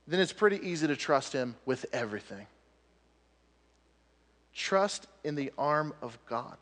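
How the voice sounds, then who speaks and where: A male pastor preaches with animated storytelling, then drops to soft, earnest appeals. His voice sits a little high for a man. It carries the long, rolling echo of a large hall. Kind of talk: sermon.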